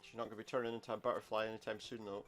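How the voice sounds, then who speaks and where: A man's voice: lowish voice, flat delivery, very fast, fairly bright tone. A man commenting casually on a retro game he plays, with wry jokes and muttered asides. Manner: wry, jokey asides, muttered under breath. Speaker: gameplay commentator. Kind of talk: casual let's-play commentary. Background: game music.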